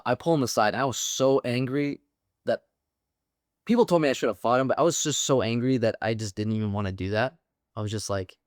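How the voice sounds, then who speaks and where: A man's voice: on the low side, dry recording, studio quality. Profane young man telling stories. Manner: profane, animated storytelling with laughs. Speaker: podcast guest, Marine veteran. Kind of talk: casual storytelling.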